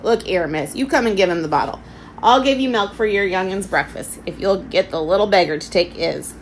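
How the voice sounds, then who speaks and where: A woman reading a storybook aloud, voicing a gruff, grumpy old male seaman who grumbles in rough dialect. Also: mid-range voice, brisk, slight background noise, natural voice, poor audio. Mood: gruff grumbling.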